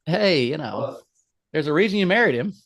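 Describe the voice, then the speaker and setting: A man from Indiana co-hosting a comedy podcast, teasing the others and stumbling through quick restarts. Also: fairly high pitch, lively intonation, a bit bright. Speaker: podcast co-host. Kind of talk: casual comedic chat.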